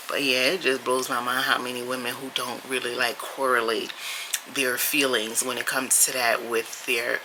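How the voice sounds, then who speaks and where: A woman's voice: extremely low pitch, flat delivery, normal speed, noisy background. A woman talking casually to her camera as a vlogger, chatty, blunt and sassy. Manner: chatty, blunt and sassy, with frequent laughs and mild swearing.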